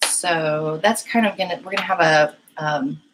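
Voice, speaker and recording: A woman's voice: sits low, moderate pace, noisy background. A young woman hosting a painting live stream, chatting casually and giggling as she talks to her chat. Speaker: painting livestream host.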